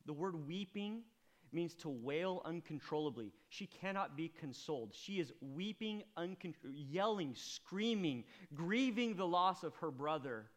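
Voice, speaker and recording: Male pastor, sermon, high-pitched voice, impassioned, hushed then loud. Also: animated, unhurried.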